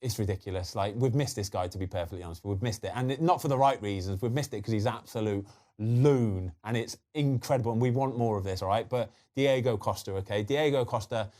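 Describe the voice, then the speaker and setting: A man with a slight lisp hosting a football podcast, chatting in a lively way full of quick asides. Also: fairly low pitch. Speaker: podcast host. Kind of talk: casual football chat.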